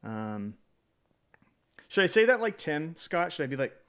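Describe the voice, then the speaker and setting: A man's voice: medium pitch, sing-song, normal speed, creaky, long pauses, fairly bright tone. A man streaming live in a casual chat, greeting viewers by name, rambling with hesitant fillers and self-deprecating jokes.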